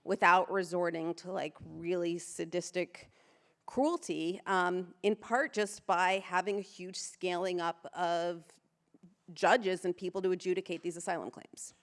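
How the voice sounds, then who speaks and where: A woman's voice: fairly low pitch, flat delivery, measured pace. A woman co-hosting a live podcast debate, speaking with hesitant restarts before she makes her point. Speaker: podcast co-host. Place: stage before a live audience.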